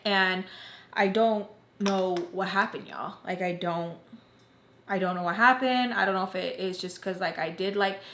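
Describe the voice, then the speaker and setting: A woman's voice: mid-range voice, normal speed, a bit bright, echoey room, slight background noise. A young woman casually telling a personal story to her viewers, full of fillers and acted-out quotes. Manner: chatty, heavy use of "like", acts out quoted voices.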